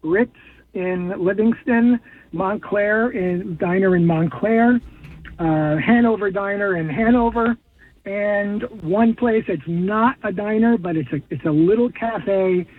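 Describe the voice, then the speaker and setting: A man calling into a radio show, listing places with halting restarts. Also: sits high. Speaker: caller. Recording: phone line.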